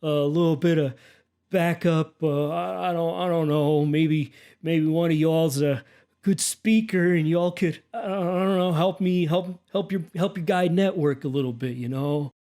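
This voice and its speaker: A man's voice: a little high, steady tone, a little slow, warm tone, clear, resonant tone. A man voicing a stout, nervous, laid-back man who stammers and drawls casually.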